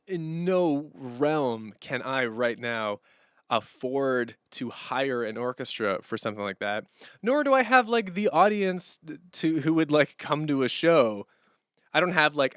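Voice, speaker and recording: Chatty man streaming, crisp voice. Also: medium pitch, a bit bright, no echo, studio quality. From Canada. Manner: rambling, chatty, answers chat questions, laughs easily. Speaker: streamer and musician. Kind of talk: casual live-stream chat. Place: room at home, sitting on a hardwood floor.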